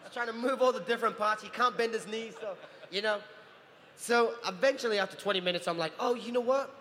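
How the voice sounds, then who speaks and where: High-voiced man telling stories at a panel. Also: quick pace. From New Zealand. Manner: animated, acts out other people's voices. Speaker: guest actor on a convention panel. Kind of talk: anecdotal storytelling. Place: large convention hall. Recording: convention hall with reverb and faint noise.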